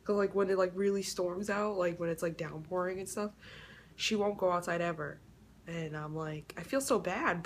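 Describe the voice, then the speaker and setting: A woman's voice: lowish voice, slight background noise. A young woman vlogging casually about her day, talking in a chatty way with lots of filler words. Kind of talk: casual vlog chat.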